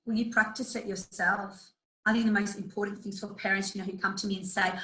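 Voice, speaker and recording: A woman talking as an interview guest about coaching children, earnest and animated, speaking bluntly with mild swearing. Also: mid-range voice, quick pace. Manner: earnest, animated, acts out quotes. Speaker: guest, youth empowerment and kids' yoga coach. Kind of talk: casual interview talk. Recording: roomy echo.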